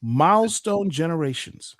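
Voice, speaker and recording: A man in his forties hosts a casual comics podcast, his pitch swinging lively up and down as he makes playful, emphatic points. The sound is close and dry, with no room around it. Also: measured pace, dry recording. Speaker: podcast host. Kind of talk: casual chat about comics news.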